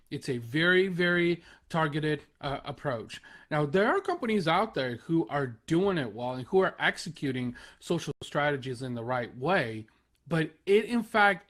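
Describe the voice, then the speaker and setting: A man's voice: on the high side, fairly bright tone. An earnest man in his thirties speaks in a slightly raised voice during a solo live talk. He is emphatic and often repeats key phrases to drive a point home. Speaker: podcast host and marketing consultant.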